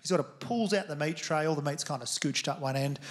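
Australian comic telling crude stories live. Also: male voice, a little high, brisk. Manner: crude, conversational storytelling to a live crowd. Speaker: stand-up comedian. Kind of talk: stand-up comedy set. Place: comedy venue stage. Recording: live venue with audience noise. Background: audience laughter.

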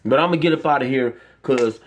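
A man's voice: medium pitch, brisk, a little hiss or hum. Impassioned ranting man. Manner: impassioned, profane, preachy ranting. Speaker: vlogger. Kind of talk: emotional monologue to camera.

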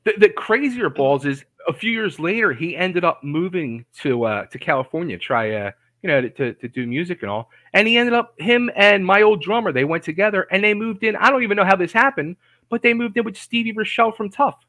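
A man, hosting a podcast and telling stories in a casual, animated way, acting out quotes and often restarting his sentences. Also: sits high, fairly quick, few pauses, no echo. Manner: animated storyteller, acts out quotes, frequent restarts. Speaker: podcast host. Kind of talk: casual storytelling chat.

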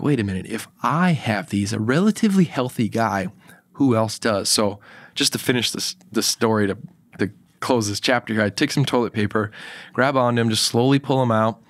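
A man's voice: on the low side, fairly bright tone, no room sound. A man speaking as a guest health expert in a podcast interview, telling a personal story in a casual way and acting out the quoted dialogue. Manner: casual, acts out quoted dialogue in his anecdotes; fillers and restarts, emphatic.

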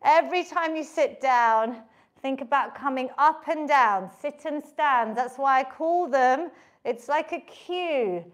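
A middle-aged woman, leading a home workout, counting reps and calmly coaching form. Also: high voice, slow pace. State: out of breath at times. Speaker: fitness instructor. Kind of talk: live workout instruction.

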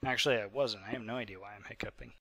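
Talking very fast in a lowish, fairly bright voice, a twenty-five-year-old gaming host who is sick and hiccuping rambles through casual commentary on his own gameplay footage, filler words everywhere.

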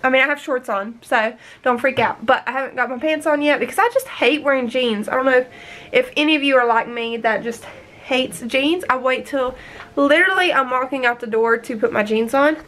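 A woman's voice: high voice, fairly quick, fairly bright tone, slight background noise. A young woman in her twenties chatting casually in a home vlog, upbeat and rambling. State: out of breath. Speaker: vlogger.

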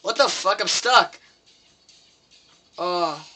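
A man's voice: sits high, very slow, music in the background. A teenage boy commenting on his own gameplay, swearing and pleading with the game in frustration. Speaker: gameplay video maker.

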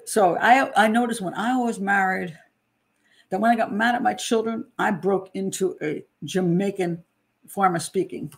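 A woman in her sixties from New Jersey hosts her own channel as a criminal profiler. She talks casually and self-deprecatingly about a case in a voice of ordinary pitch. She often restarts her sentences. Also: steady tone, measured pace, creaky. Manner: chatty, self-deprecating, with frequent laughs and restarts. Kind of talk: casual monologue on a true-crime case.

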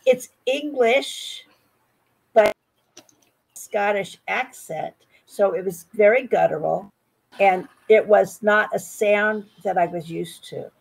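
Over a video call, an American-accented English tutor in her sixties from Virginia, United States, chats through a casual conversation lesson, frequently repeating words when starting out. She speaks slowly at a medium pitch in a creaky, husky voice. The recording quality is low.

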